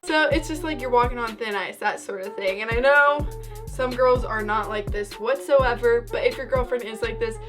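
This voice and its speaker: A woman's voice: a little high, animated, normal speed, over music. A young woman casually giving advice in a chatty, rambling vlog, a little out of breath. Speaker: vlogger.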